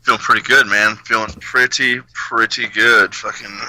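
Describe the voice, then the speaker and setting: A man's voice: lowish voice, fairly even intonation, moderate pace, pushed and bright, no echo, rough recording. Laid-back, rambling male podcast co-host. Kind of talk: casual chat.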